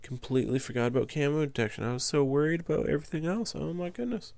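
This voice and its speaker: A man giving casual commentary on his own strategy match, muttering to himself and jumping to high, exasperated yelps when things go wrong. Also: animated, quick pace, creaky, a little mellow, dry recording.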